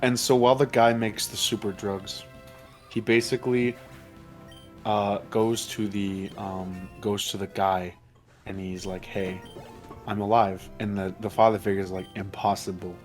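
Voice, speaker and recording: A man with a fairly low voice talks his friends through a long, loose recap, piling clause on clause and swearing casually. Faint game music runs underneath. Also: little pitch movement, unhurried. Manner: rambling, profane plot recaps. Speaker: let's play commentator.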